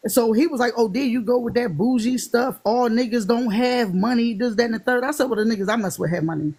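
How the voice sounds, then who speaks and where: Philly woman, raised voice, lively raconteur who acts out every quote. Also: fairly high pitch, fast talker. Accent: Philadelphia. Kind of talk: casual storytelling chat.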